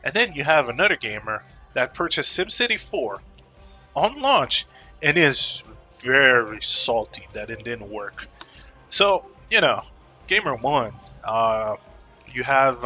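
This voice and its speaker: Cussing gaming vlogger guy, bright, slightly husky voice, faint music behind. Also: fairly high pitch, animated, a little slow. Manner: profane, laid-back, joking. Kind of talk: casual rant to camera.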